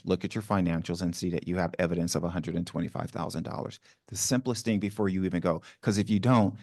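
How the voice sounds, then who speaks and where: A man's voice: sits low, a little mellow, dry recording, clean studio sound. A man with a Southern accent from New Orleans, speaking on a business panel to a live audience in a conversational way, with many ums and restarts. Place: university event room.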